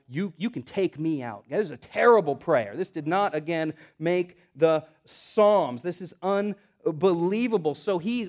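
A man with a Southern US accent preaching a sermon as pastor, swinging between loud, fervent bursts and hushed asides. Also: high-pitched.

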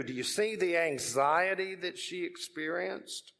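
A man with a Texan accent preaches from the pulpit, mixing homely anecdotes with rising, emphatic points. His voice sits a little high for a man. The sound carries a long reverb from a church sanctuary. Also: unhurried, gravelly, few pauses, a bit bright. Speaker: pastor. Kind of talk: sermon.

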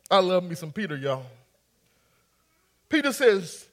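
A man's voice: high voice, very animated, measured pace, long pauses. A man preaching a sermon, acting out scripture scenes and coaxing his congregation to respond. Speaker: pastor.

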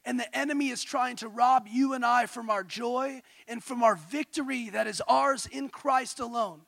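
A man from California with a high-pitched voice preaches a sermon in his thirties. He moves between hushed, intimate confession and loud, rousing calls to the congregation. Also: normal speed, gravelly, no room sound. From California, USA. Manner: passionate, swings from quiet intimate tones to loud exhortation.

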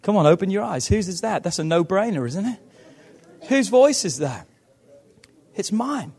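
A man preaching a sermon to his church, emphatic and swinging between loud calls and hushed passages. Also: high-pitched, animated, normal speed, husky. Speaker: pastor.

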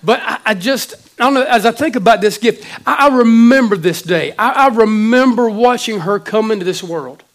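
Emotional high-voiced man preaching. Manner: emotional, halting with many restarts. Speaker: pastor. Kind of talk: sermon.

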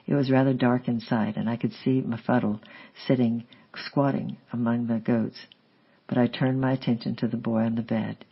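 A man steadily reading a memoir aloud in a measured, unhurried way, on a slightly dull lo-fi recording. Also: medium pitch, level tone, gravelly, husky. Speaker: audiobook reader. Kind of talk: memoir narration read aloud.

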